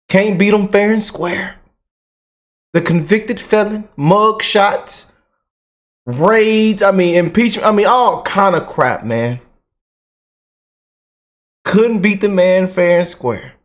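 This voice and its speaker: A man hosting a reaction channel, talking casually and excitedly to his viewers in fast bursts. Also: sits high. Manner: excited, animated, talks fast in bursts, drawls slow commands. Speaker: commentary channel host.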